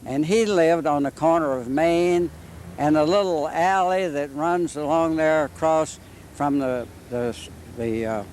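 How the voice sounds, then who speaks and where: Man, local history guide, folksy storyteller, slightly high voice. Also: a little slow, a little mellow, a little hiss or hum. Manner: folksy, anecdotal, drifts into side stories. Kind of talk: casual history chat. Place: historic house indoors.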